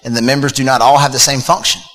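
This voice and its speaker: Bright-voiced preacher in a reverberant hall. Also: male voice, medium pitch, steady tone, fast. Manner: conversational preaching with fillers and repeated words. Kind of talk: sermon.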